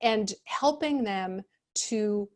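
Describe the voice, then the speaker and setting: A woman presenting as an expert in an online workshop, speaking calmly and conversationally with many fillers, acting out example phrases in changed tones. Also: medium pitch, drawn-out words. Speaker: expert speaker on customer service.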